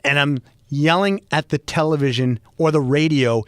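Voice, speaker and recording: A middle-aged man from Boston with a Boston accent, hosting a solo podcast and rambling with wry, self-mocking humor and bursts of mock yelling. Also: fairly high pitch, normal speed, few pauses, no echo, clean studio sound. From Boston, USA. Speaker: podcast host. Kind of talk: freeform solo podcast monologue.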